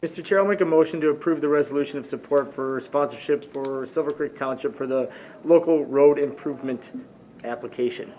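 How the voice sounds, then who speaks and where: A county commissioner making motions, with wry joking asides. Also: male voice, on the high side, brisk, dark tone, highs cut off, slight background noise.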